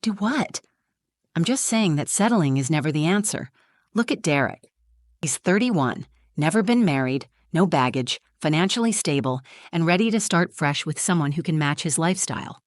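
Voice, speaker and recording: A woman's voice: deep voice, animated, moderate pace, dry recording, clean studio sound. Smug, patronizing bride-to-be voiced by a woman narrator. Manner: preachy, patronizing.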